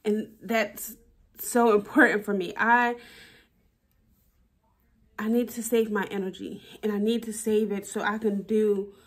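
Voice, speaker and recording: A woman's voice: mid-range voice, flat delivery, a little slow, long pauses. A woman vlogging candidly about her relationship, emotional and blunt, swearing and repeating herself for emphasis. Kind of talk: personal vlog, talking to camera.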